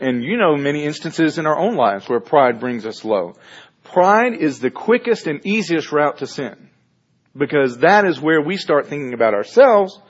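A man preaching a sermon with a husky, slightly raised voice, slipping into quoted voices for biblical figures before explaining their lessons. The recording is dull and lo-fi. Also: on the high side.

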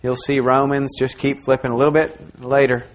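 A male pastor preaching a sermon in a church service, dramatic and swinging between loud emphasis and near whispers. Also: medium pitch, flat delivery, normal speed.

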